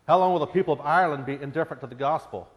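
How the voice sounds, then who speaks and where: A man's voice: a little high, very fast. A man preaching a sermon in an earnest voice that presses into pleading questions. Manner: earnest, rising to pleading intensity on repeated questions. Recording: long hall reverb.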